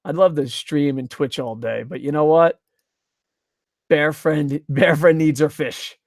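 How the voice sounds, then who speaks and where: A young man rambles through a wrestling review on a live stream, swearing freely and answering chat as he goes. His voice sits a little high. He is close on a desk microphone in a dry room. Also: steady tone, a little slow, no room sound. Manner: rambling, profane, reads chat aloud. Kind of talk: casual live-stream commentary.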